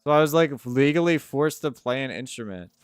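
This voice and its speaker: Animated, swearing male streamer. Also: medium pitch, brisk, clean tone, no echo, faint music behind. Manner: swearing, animated, easily sidetracked. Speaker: live streamer answering chat. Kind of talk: casual live-stream chat.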